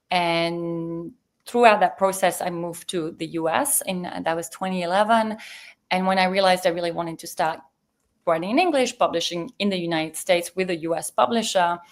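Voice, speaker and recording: Woman, guest author on a video call, lots of ums and restarts. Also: lowish voice. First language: French. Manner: chatty, rambling, with many fillers and restarts. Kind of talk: livestream Q&A conversation.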